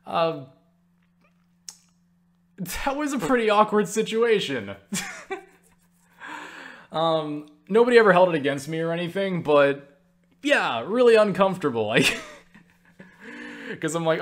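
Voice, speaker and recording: Young man, slightly high voice, webcam mic, rambling, filler-heavy, self-mocking, casual swearing, vlog host. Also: expressive, measured pace, long pauses. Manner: rambling, full of fillers like "you know" and "like". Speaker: channel host answering viewer questions. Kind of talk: casual storytelling to camera.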